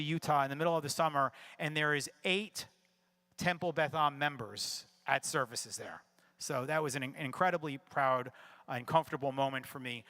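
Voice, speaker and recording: Bright-voiced man telling a congregation story. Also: fairly high pitch. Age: middle-aged. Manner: conversational storytelling with wry humor. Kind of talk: casual announcements and personal story.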